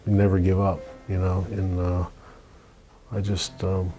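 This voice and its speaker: A middle-aged man giving a halting testimonial in an interview, with many fillers and restarts. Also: low-pitched, monotone, warm tone. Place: office. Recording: guitar music playing clearly underneath.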